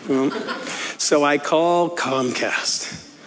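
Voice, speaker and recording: A man's voice: a little high, drawn-out words, fairly bright tone. A man preaching a humorous sermon, telling a self-mocking story with frequent laughs. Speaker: pastor. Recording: echoey hall with faint ambience.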